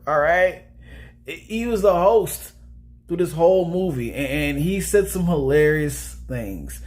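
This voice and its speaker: A man's voice: a little high, lively intonation, slow, darkish tone. A man casually talking through a movie review in a chatty way, often checking in with "all right?".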